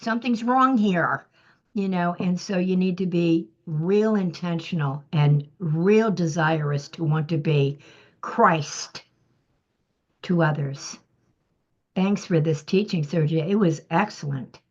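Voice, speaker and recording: A woman's voice: on the low side, slow pace, darkish tone. Earnest woman sharing in church group. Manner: emphatic, self-critical, frequent throat clearing. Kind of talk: earnest testimony in a church discussion. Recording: muffled lo-fi recording.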